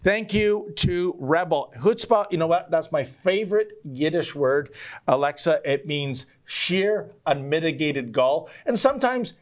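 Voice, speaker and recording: A man's voice: on the high side, lively intonation, a little slow. A man hosting a live stream, reading viewer chats aloud with wry jokes and theatrical emphasis. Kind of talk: casual live-stream talk.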